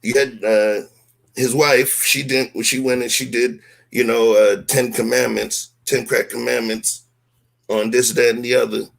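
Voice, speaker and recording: A man's voice: medium pitch, level tone, unhurried, vocal fry. A man, defending himself in a heated live-stream talk, emphatic and rhetorical, full of slang.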